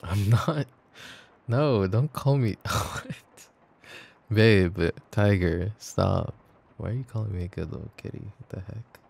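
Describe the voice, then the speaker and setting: A man voicing a needy, teasing boyfriend in a whispered role-play, playful and laughing as he switches between whispers and soft talk. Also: on the low side, lively intonation, moderate pace, creaky, breathy edge, exaggerated voice. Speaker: ASMR voice actor.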